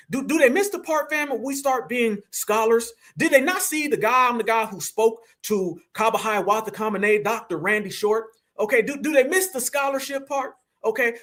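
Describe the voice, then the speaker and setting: High-pitched, fast-talking animated man. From United States. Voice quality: loud, energetic, slangy. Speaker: online show host. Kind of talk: animated livestream commentary.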